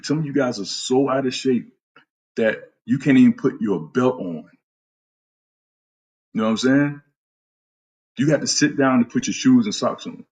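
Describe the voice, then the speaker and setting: Blunt, husky-voiced man trainer. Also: mid-range voice, darkish tone. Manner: blunt, profane, trash-talking; greets viewers by name. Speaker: fitness trainer. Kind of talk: casual live-stream fitness talk.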